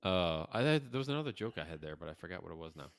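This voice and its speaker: A man's voice: deep voice, big pitch swings, rapid-fire, no room sound, studio quality. A middle-aged man co-hosting a casual podcast chat, telling stories with acted-out quotes and plenty of swearing. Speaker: podcast co-host.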